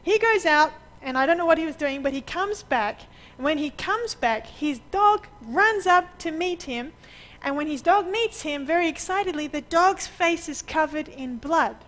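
A woman preaching a sermon, telling lively stories over slides and laughing often. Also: high-pitched, rough recording. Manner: lively anecdotal storyteller who laughs often.

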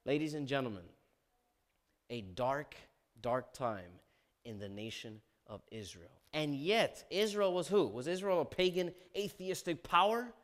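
A male pastor preaching a sermon, animated, asking the congregation questions and acting out the scripture. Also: a little high, measured pace. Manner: animated, asks the congregation questions, dramatizes quotes.

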